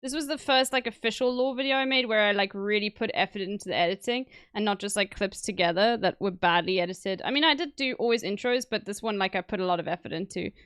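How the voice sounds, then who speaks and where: Young woman streamer, casual and chatty, clear dry close-mic voice, slightly high. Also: fast, hardly any pauses, fairly bright tone, no room sound. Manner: chatty, laughs often, loose filler words. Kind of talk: casual chat to viewers.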